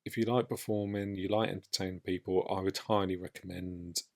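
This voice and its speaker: A man's voice: sits low, level tone, fairly quick, creaky, a little mellow. A man talks on his own podcast. He speaks casually and with enthusiasm, reflecting as he goes and wandering from point to point. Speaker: podcast host.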